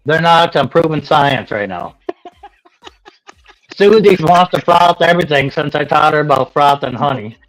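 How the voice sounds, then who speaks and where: A man's voice: on the high side, lively intonation, moderate pace, fairly bright tone, poor audio. A man co-hosting a casual livestream chat, explaining things bluntly and swearing freely. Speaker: co-host.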